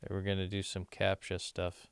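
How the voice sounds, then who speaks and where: Smooth, low-voiced American man rambling casually. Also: monotone, normal speed, no echo. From United States. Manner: rambling, many "like" fillers, amused. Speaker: vlogger learning a language. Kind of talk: casual commentary while doing app lessons.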